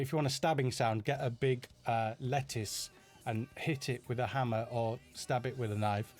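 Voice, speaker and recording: A man's voice: mid-range voice, a little mellow. A middle-aged man from Yorkshire with a Yorkshire accent, casually answering viewer questions in a live Q&A, chatty and self-deprecating with lots of fillers and restarts. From Yorkshire, England.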